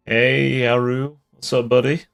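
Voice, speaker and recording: A man's voice: mid-range voice, flat delivery, measured pace, creaky, clear, resonant tone, soft background music. A man casually commenting on his own live strategy gameplay, joking and swearing as he plays. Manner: joking, sweary, mock-offended. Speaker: streamer.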